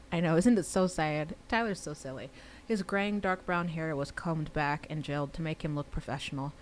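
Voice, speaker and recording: A woman reading her own novel aloud on a livestream, pausing for casual chatty asides. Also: sits low, slight background noise.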